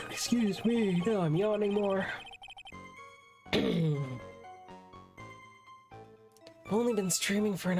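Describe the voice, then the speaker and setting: Low, mellow woman streamer, casual and self-mocking between game lines. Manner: chatty, laughs at herself, self-deprecating. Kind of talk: live game playthrough, reading dialogue aloud.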